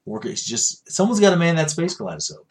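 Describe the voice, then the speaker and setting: A man co-hosting a casual podcast, profane and animated, acting out dialogue in quick bursts. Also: on the high side. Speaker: podcast co-host.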